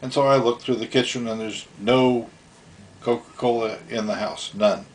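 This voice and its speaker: A man's voice: medium pitch, steady tone, normal speed, slight background noise. A middle-aged man casually telling stories from his youth at home, rambling and chuckling as he acts out voices. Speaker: storyteller. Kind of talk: casual storytelling.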